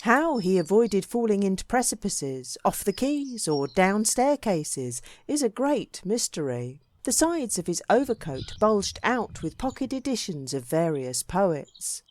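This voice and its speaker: A woman reading a classic book aloud as an audiobook narrator, measured and expressive, with varied emphasis. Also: medium pitch. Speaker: audiobook reader.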